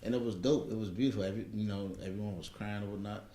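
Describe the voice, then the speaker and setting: A middle-aged man with a lowish voice talks through his experiences in an easy, reflective way. He is recorded in an echoey room with a faint hiss behind him. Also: steady tone, racing, dark tone. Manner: reflective, storytelling, repeats "you know what I mean". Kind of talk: casual chat.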